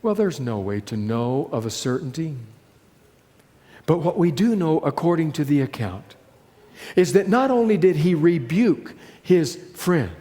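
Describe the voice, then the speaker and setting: A man preaching with a fairly high voice, building scenes dramatically and then dropping low and slow for weight. His words carry a long reverb that hangs in a large hall. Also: sing-song. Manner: dramatic, slowing and dropping softly on key phrases. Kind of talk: sermon.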